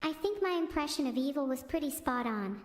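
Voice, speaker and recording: A woman's synthetic text-to-speech voice hosting a stream, chirpy and self-centred with deadpan quips. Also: high voice, brisk. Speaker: AI streamer host. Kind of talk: stand-up style stream chat. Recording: roomy echo with long reverb.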